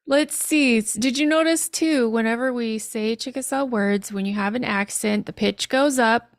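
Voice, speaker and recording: A woman teaching an online language lesson, sounding out phrases slowly and carefully with light laughs between tries. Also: fairly high pitch, dry recording, clean studio sound. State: frog in her throat.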